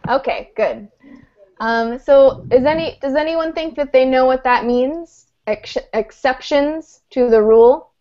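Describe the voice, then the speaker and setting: A woman's voice: sits high, measured pace. A woman teaching an online English lesson, explaining grammar patiently and checking in with her students. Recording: muffled video-call audio.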